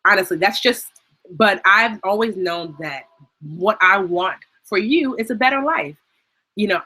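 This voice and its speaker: Woman, 30s, finance host on a casual live stream: bright, slightly husky, chatty, emotional, teary. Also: medium pitch. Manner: chatty, emotional, laughs through tears. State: tearful, crying at times. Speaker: personal finance educator and host.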